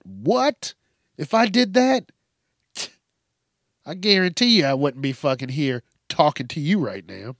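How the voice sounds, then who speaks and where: A man's voice: on the high side, expressive, measured pace, long pauses, no room sound, studio quality. A male host giving comedic news commentary, profane and mocking, laughing often.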